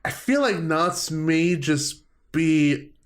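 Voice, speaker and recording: A young man co-hosting a casual podcast, chatty and quick to laugh, often stumbling over his words. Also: fairly high pitch, lively intonation. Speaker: podcast co-host.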